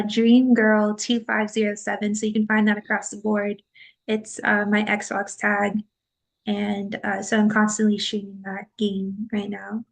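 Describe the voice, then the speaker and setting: A woman's voice: medium pitch, vocal fry. A woman from California introducing herself on a video call, upbeat and rambling. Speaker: table read participant. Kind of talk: casual self-introduction.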